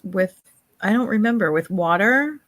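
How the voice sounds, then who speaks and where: Woman co-host, mid pitch, giggly and teasing, dry close sound. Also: animated, moderate pace, a bit bright, no echo. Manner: giggly, teasing, laughs often. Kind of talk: casual chat.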